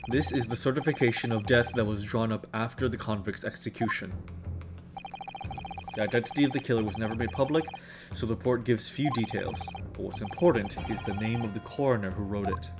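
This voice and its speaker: A man's voice: on the low side, fairly quick, natural voice. Give me a man playing a confident young defense lawyer arguing his case, with game music behind.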